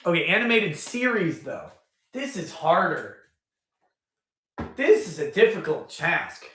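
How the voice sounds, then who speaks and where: On a casual livestream, the host rambles and thinks out loud with frequent restarts. His fairly high voice is bright, forceful and sing-song, and he takes an unhurried pace. A noticeable echo from the room surrounds him.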